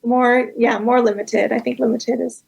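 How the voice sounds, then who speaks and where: A woman guest in an interview, answering in a calm, reflective, measured way. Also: on the high side, gravelly, low-quality recording.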